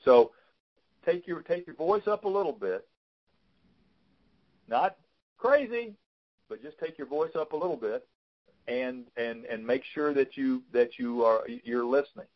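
A man's voice: mid-range voice, moderate pace, highs cut off. A man coaching a client on a call, giving frank, fatherly advice and often repeating words as he talks. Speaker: business consultant.

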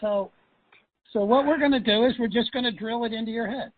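Brisk and extremely high-pitched, a male sales coach coaches trainees on a call, repeating himself emphatically to stress each point. The phone line sounds dry.

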